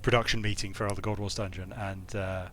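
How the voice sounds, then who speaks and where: A young man, a game designer, comments briskly on the strategy game he's streaming from a hot room at home. His low-pitched, fairly bright voice shows little pitch movement. He thinks aloud in a rambling way, frequently abandoning sentences halfway.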